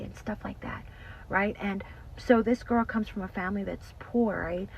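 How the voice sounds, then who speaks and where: A woman's voice: mid-range voice, fairly even intonation, normal speed, creaky. A woman tells her faith testimony in an earnest, casual way. She repeats herself, calls her listeners y'all, and drops to a whisper at emotional moments. The audio is slightly dull and lo-fi, with a faint hiss behind her voice.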